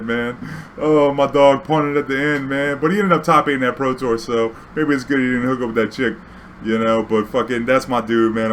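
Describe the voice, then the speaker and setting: A man's voice: mid-range voice, fairly bright tone, slight background noise. A young man, telling a casual, profane, slang-heavy story as a vlog host. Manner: profane, laid-back, full of slang and fillers.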